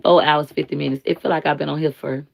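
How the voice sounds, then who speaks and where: A woman hosting a live stream, giving blunt, slangy commentary and telling stories in an animated way. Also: sits low, fast talker, vocal fry. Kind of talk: casual commentary and storytelling.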